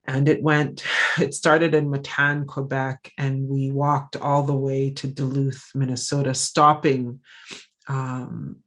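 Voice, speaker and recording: A woman giving a lecture, telling a personal story in an earnest, reflective way, pausing often and restarting her phrases. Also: a bass voice, flat delivery. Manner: reflective, halting, with frequent pauses and restarts; earnest, heartfelt. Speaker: visiting scholar giving a lecture.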